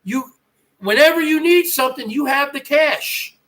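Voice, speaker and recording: Loud mocking man ranting, high voice. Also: normal speed. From northern New Jersey. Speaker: vlogger. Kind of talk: ranting monologue.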